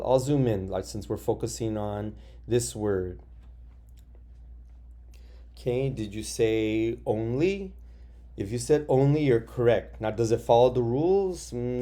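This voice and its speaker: A male teacher giving a recorded phonics lesson to young children from his office, patient and slow, spelling words out letter by letter. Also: medium pitch, warm tone.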